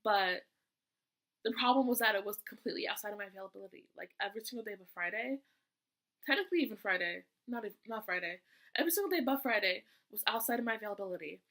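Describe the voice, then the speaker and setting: A young adult woman, a student and vlogger, tells a casual storytime in a mid-range voice that is expressive, quick, and a bit bright. She comes across chatty and exasperated, tossing in sassy asides.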